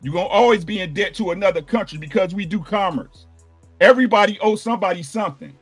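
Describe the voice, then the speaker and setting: A man's voice: high-pitched, fast talker, slightly rough, no echo, soft background music. A man ranting heatedly and profanely in a political debate on an online panel.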